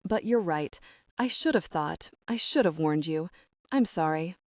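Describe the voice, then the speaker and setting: A woman reading the lines of a calm, composed businessman boyfriend in a measured, unruffled way. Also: low voice, no room sound, clean studio sound.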